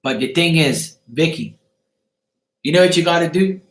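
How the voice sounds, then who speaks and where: A man's voice: a little high, moderate pace. Emphatic swearing man in an echoey room. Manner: emphatic, repeats "right?", swears freely. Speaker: host of a live chat show. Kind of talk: casual live-stream advice to a viewer.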